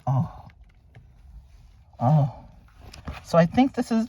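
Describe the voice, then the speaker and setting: Gushing woman with lively pitch. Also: slow, pauses often, a little hiss or hum. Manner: gushing, exclamatory, thinks aloud. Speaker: vlogger unboxing luxury items. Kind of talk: casual unboxing vlog.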